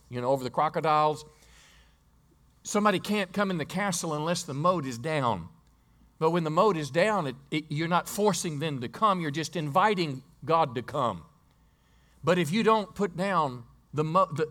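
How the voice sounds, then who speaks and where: A man preaching in a church sanctuary, his voice sitting a little high for a man. He tells the story in a conversational way, checks in with the congregation, and stumbles and repeats words as he builds his point. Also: a bit bright. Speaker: pastor. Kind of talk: sermon.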